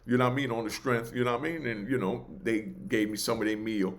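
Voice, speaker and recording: Animated storyteller. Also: male voice, medium pitch, fast. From New York. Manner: animated, loose, keeps asking "you know what I mean". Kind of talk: casual oral storytelling.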